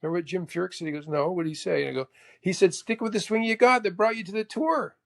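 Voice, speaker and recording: A man in his sixties from Canada, a guest telling animated anecdotes and acting out both sides of old conversations. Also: sits high, fast talker, gravelly. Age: 60s. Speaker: guest, golf professional. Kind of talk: casual storytelling chat.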